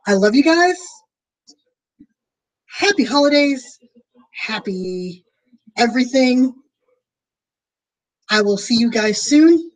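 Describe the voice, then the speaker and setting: Casual female streamer, a touch high-pitched, rambling and friendly to camera. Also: lively intonation, slow pace, pauses often, rough recording. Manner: rambling, chatty, many fillers. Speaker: streamer planning a tabletop game. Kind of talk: casual chat to viewers. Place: at home.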